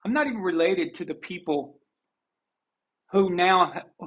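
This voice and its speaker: Gravelly, husky American man ranting bluntly. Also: on the high side, fairly bright tone, lo-fi sound. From United States. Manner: blunt, rambling, repeats himself, swears casually. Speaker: host of a sports live show. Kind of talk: casual opinion rant on a live stream.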